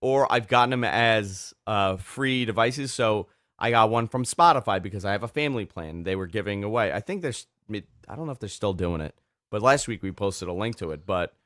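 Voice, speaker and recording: Chatty New man, low voice. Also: lively intonation, moderate pace, fairly bright tone, no room sound, studio quality. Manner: chatty, interrupting, stumbling restarts. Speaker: podcast co-host. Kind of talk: casual tech chat.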